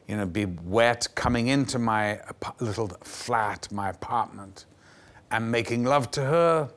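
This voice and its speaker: A man's voice: medium pitch, a bit bright. An older man recalls his career for a TV interviewer in a television studio. His voice sits mid-range, and he slips into other people's voices as he tells his stories. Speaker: actor guest. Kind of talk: anecdotal storytelling in a TV interview.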